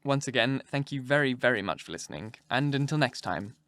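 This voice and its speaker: A man's voice: mid-range voice, animated, a little fast, fairly bright tone, no room sound. Candid audiobook narrator man, dry sound. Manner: candid and chatty, swears freely in the outro. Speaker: audiobook narrator and channel host. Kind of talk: audiobook reading, then casual sign-off chat.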